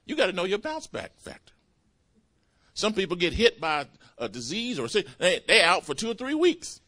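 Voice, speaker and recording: Lively preaching man with a bright voice. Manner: preaching with big pitch swings, calls of hallelujah and praise the Lord. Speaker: pastor. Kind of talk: sermon. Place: church sanctuary.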